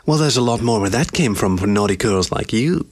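A man's voice: fairly low pitch, animated, brisk. A man voicing a teasing, dominant lioness. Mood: commanding, teasing. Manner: commanding, purring, coaxing. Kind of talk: storybook reading.

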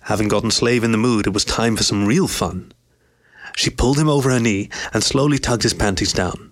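Low-voiced male story narrator. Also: a little fast. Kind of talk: scripted narration.

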